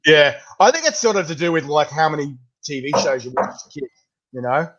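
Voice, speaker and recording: A man hosting a casual chat, animated and laughing often. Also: a little high, brisk, highs cut off, over a noisy crowd. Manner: animated, laughs a lot, slips into voices. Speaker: host.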